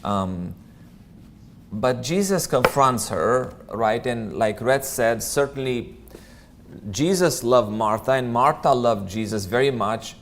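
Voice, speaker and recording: Brief: male church Bible teacher, easygoing and conversational, mid pitch, plenty of filler sounds. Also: expressive, slow pace, slight background noise. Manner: conversational, many ums, chatty asides. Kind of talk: casual Bible study teaching. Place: church room.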